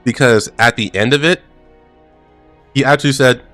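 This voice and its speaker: A man's voice: mid-range voice, normal speed, pauses often, pushed and bright, soft background music. A gaming streamer casually telling a work anecdote, laid-back and chuckling as he goes.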